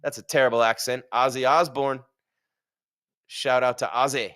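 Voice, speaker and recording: Guy chatting on a live fight stream, tossing in jokes and asides, normal pitch. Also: steady tone, moderate pace, sharp tone. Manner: chatty, joking asides, rhetorical questions; reads sponsor ad. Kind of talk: casual live commentary.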